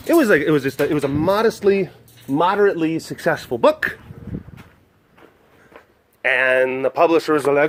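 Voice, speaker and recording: A man's voice: fairly high pitch, moderate pace, long pauses, slight background noise. A young man vlogging casually at a wild animal facility, telling a story in a chatty, rambling way full of restarts and little laughs.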